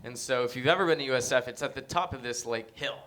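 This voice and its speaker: Young male guest, lively storyteller, smooth clear voice. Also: mid-range voice, fast. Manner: animated storyteller, acts out quotes. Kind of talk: casual interview chat.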